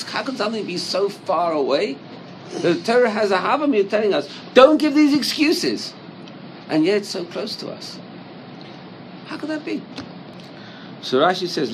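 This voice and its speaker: A man's voice: fairly high pitch, noisy background. A man teaching a Torah class in English, reciting Hebrew verses and asking many rhetorical questions.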